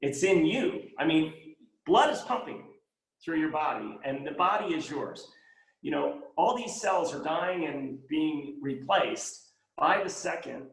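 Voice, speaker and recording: A man's voice: a little high, animated, unhurried, gravelly. A man telling a personal story in a conversation, earnest and emphatic, repeating phrases for stress. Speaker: guest speaker. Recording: roomy echo.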